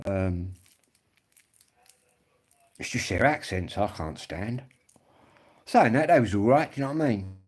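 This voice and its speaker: A man's voice: lowish voice, animated, measured pace, long pauses, husky. A man, rambling and swearing freely as he chats casually to viewers on a live stream. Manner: rambling, swearing, blokey storytelling.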